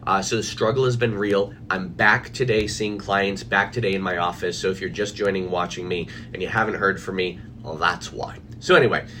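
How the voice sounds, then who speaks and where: A man's voice: low voice, fairly even intonation, a little fast, hardly any pauses, bright, forceful tone, a little hiss or hum. A man coaching on anxiety, talking casually and animatedly to viewers from his office, with fillers and restarts. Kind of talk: casual live video chat.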